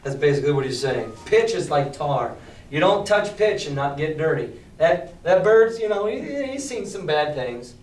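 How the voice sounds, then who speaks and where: A male teacher reads a novel aloud to his class and breaks off into casual, plain-spoken explanations. His voice sits a little high. It is picked up from across a roomy, echoing classroom. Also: lively intonation, normal speed, a little mellow, recorded from a distance. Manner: casual, plain-spoken asides between reading.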